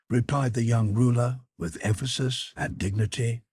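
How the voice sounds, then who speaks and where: A man reading a classic novel aloud in measured, even audiobook narration. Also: mid-range voice, husky, no room sound.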